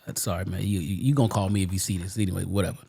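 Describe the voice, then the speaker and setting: A man's voice: low voice, fairly even intonation, rapid-fire, creaky, mellow, husky. A man co-hosting a podcast, telling a story in a laid-back, slangy way and laughing along. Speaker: podcast co-host. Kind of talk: casual chat and storytelling.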